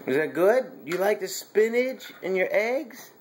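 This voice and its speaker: A man's voice: high voice, lively intonation, measured pace, slight background noise. A man feeding his young child at home, coaxing him to say words and laughing often. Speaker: father feeding his toddler. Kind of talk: casual home video chat.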